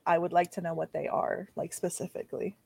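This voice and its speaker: A woman's voice: lowish voice, level tone, fairly quick, creaky, mellow, breathy edge. A woman playing a tabletop game, chatting in a playful, giggly way. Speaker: player. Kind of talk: casual chat in a tabletop game.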